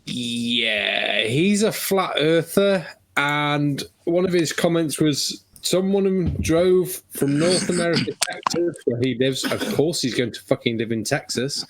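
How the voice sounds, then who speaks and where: A man's voice: a little high, lively intonation, slow. A man on a casual online panel, ranting and swearing heavily.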